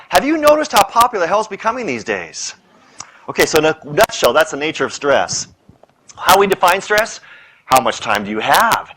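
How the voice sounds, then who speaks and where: Middle-aged man, public lecture, animated storytelling, bright forceful tone, lively swinging pitch. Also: a little fast, low-quality recording. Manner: animated storyteller, punchy lists, playful asides. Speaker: speaker on stress. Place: lecture hall with audience.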